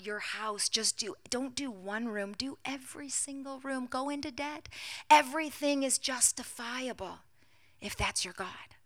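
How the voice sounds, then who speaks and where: A woman preaching a sermon, acting out scripture quotes loudly and dropping to hushed asides. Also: medium pitch. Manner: dramatic, swinging from loud acted quotes to hushed asides.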